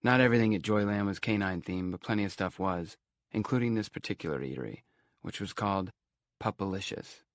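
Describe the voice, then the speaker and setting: A man's voice: fairly low pitch, fairly quick, no echo, clean studio sound. A man narrating an audiobook in a wry, conversational storytelling manner.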